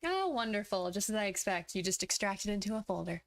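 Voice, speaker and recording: A woman's voice: medium pitch, sing-song, fast, no echo. A woman streamer chatting casually over a game in a mid-range voice. She talks frankly and bluntly and swears freely. Her desk mic sounds dry and close. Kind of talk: casual chat on a gaming livestream.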